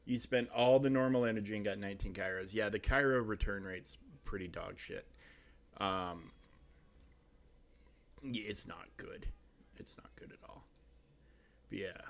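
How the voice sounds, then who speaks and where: A man with a somewhat low voice hosts a casual live game stream. He rambles along, filling pauses with ums and uhs as he thinks aloud. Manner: rambling, chatty, full of fillers. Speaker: streamer host.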